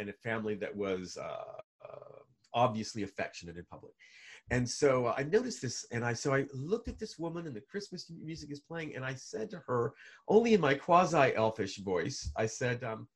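A man telling stories as a guest in a video call interview, lively, with many restarts and fillers. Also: medium pitch, slightly rough. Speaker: guest, author and speaker.

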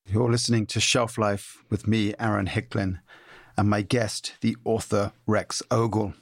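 Brief: male podcast host, gravelly, slow, deliberate, lowish voice. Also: no room sound, studio quality. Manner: calm, deliberate. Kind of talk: scripted podcast introduction.

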